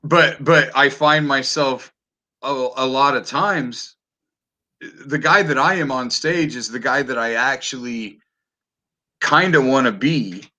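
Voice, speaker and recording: A man hosting a podcast in loose, animated chat, swearing freely and tripping over his own restarts. His voice is bright and forceful, set at a middle pitch for a man. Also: takes it slowly. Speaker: podcast host. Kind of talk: casual chat.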